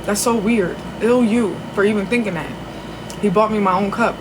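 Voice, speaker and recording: A woman's voice: medium pitch, moderate pace, noisy background. A woman telling a long story on a casual livestream, chatty and profane, with frequent restarts. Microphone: phone.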